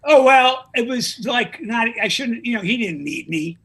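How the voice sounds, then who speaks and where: A man's voice: extremely high pitch, lively intonation, a little slow, creaky, bright, forceful tone, a little hiss or hum. A man guest on a talk show, a comedy writer telling a joke animatedly with character voices. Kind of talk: casual chat and joke telling.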